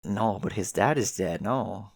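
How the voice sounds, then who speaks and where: A man's voice: on the low side, unhurried, vocal fry. A man reading a webcomic aloud who gives offhand, amused asides. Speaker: webcomic reader. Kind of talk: casual reaction commentary.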